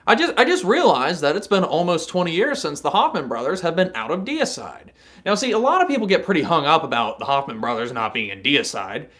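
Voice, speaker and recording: A man's voice: medium pitch, fairly bright tone. A young man from North Carolina hosting a casual live stream, chatty, swearing freely and laughing at his own jokes.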